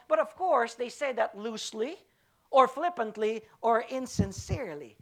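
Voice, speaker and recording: A woman with a high voice delivers a sermon as pastor of her church. She preaches emphatically, repeating key words and putting rhetorical questions to the congregation. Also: expressive, moderate pace, gravelly.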